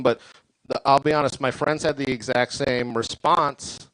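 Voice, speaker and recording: A man performing a stand-up set at a comedy club, delivering deadpan punchlines into a stage mic. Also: medium pitch, normal speed, no room sound, poor audio.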